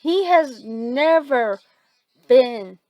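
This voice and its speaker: Halting woman telling a fan story. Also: high-pitched, animated, mellow, no echo, rough recording. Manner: halting, many restarts and fillers. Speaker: fan fiction narrator. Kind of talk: improvised story narration.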